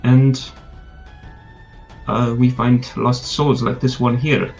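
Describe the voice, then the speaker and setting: A man's voice: mid-range voice, little pitch movement, takes it slowly, creaky, darkish tone. A man voicing a genial male circus leader in an attempted British accent, in a lo-fi recording with faint music. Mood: welcoming.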